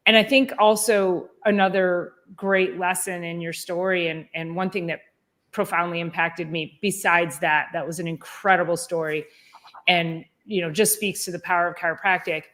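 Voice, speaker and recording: Low-voiced woman hosting a podcast. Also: steady tone, normal speed. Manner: warmly reflective, affirming. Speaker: podcast host, chiropractor. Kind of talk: casual interview chat.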